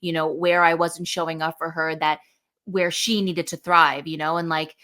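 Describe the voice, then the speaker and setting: Podcast host: woman, bright forceful tone, emphatic and chatty. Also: sits low, moderate pace. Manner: emphatic, animated, filler-heavy. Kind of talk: conversational podcast chat.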